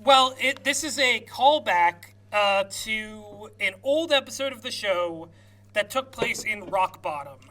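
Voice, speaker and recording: A podcast co-host casually recapping a cartoon episode, animated and quick to laugh, talking over a remote call. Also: medium pitch. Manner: animated storytelling, frequent laughter. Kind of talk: casual comedic recap chat.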